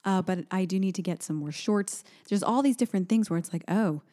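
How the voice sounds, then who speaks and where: A woman's voice: medium pitch, fairly quick. A woman in her thirties, a podcast co-host and mother, chatting casually and acting out little quotes as she tells stories. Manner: chatty, animated storytelling with voiced quotes. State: sleepy. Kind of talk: casual chat.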